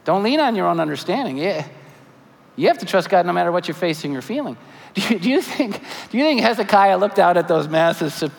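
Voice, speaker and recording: A man in his forties preaching a sermon as pastor, animated with joking asides and earnest appeals. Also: sits high, a little fast, vocal fry. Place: church sanctuary. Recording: church hall reverb, faint ambience.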